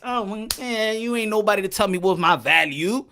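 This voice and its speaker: A man's voice: high-pitched, fairly quick, sharp tone. A man hosting a boxing commentary channel, ranting his opinion and repeating his points, dragging words out for emphasis. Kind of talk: opinion rant to camera.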